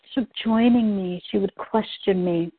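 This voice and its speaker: A woman of middle pitch echoes phrases back in a soft, reflective way as a client in a guided tapping session. Her voice comes through a thin, phone-like line that sounds dry and close. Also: moderate pace.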